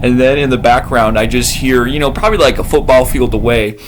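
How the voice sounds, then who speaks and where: A man's voice: medium pitch, fairly quick, over music. A young man telling a story casually, acting out his own gasps and panicked cries. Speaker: vlogger.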